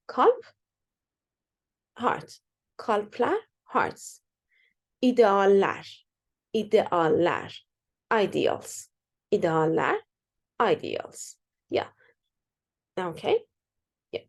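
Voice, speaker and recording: A woman gives an online language lesson. Her delivery is slow and unhurried, and her pitch swings widely as she stresses each example word. She pauses on fillers and corrects herself as she explains. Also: a little mellow. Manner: slow, explanatory, repeats example words with emphasis; many fillers and self-corrections. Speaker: Turkish teacher.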